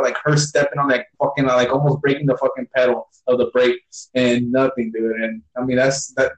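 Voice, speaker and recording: Young guy rambling and cussing nonstop, lots of likes and you knows, echoey room. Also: mid-range voice. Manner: heavy swearing, rambling storytelling with lots of fillers. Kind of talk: casual chat.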